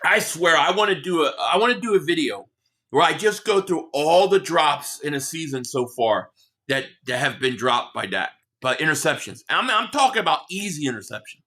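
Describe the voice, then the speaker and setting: Swearing freely, a man runs a live sports reaction stream, heatedly ranting as he reads out chat messages. His voice sits on the high side, pushed and bright, with a sing-song lilt at a moderate pace.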